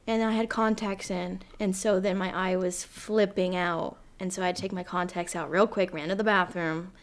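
A woman's voice: lowish voice, steady tone, normal speed. A young woman guest on a podcast, telling stories in a matter-of-fact way in casual chat.

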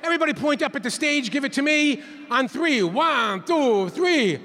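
In a big conference hall, a man delivers a playful interactive keynote, getting the crowd to count back to him in call-and-response. His pitch is extremely high and expressive, his pace moderate, and his tone bright and forceful, with slight background noise.

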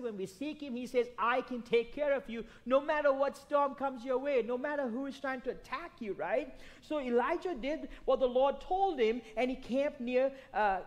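Conversational preacher asking rhetorical questions. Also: mid-range voice. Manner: conversational, repeats phrases, checks in with 'right?'. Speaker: pastor. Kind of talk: sermon.

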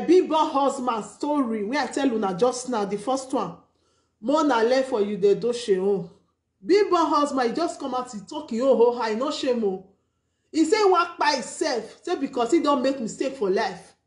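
A woman's voice: high-pitched, animated, normal speed, a little mellow, reverberant. A Nigerian woman with a Nigerian Pidgin English accent hosting a casual live stream, giving emphatic, preachy advice. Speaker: vlogger and live-stream host.

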